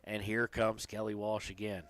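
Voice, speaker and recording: A man's voice: on the low side, level tone, moderate pace, a bit bright. Guy calling a local soccer game from the press box, chatty, cracks jokes. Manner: chatty, joking asides between plays. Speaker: play-by-play commentator. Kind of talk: high school soccer commentary.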